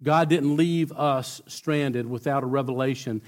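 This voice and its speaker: A man's voice: mid-range voice, steady tone, a little slow. A man preaching a sermon, telling a story with emphatic builds and frequent restarts.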